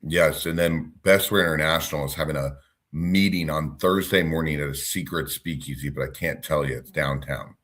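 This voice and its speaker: Very deep-voiced upbeat male co-host. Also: moderate pace, a bit bright. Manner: upbeat, rambling, jokey. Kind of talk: casual chat.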